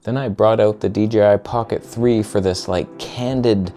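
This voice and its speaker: A man narrating his own video footage in a casual, sarcastic, self-mocking way with quick asides. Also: lowish voice, steady tone, warm tone, faint music behind. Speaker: photographer vlogger.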